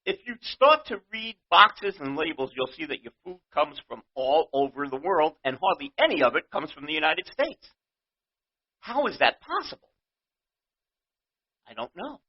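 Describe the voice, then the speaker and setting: A man's voice: on the high side, slightly rough, muffled recording. A man with a New York accent, hosting his own show and ranting in an indignant, exasperated, rambling way. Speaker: show host. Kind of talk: ranting monologue.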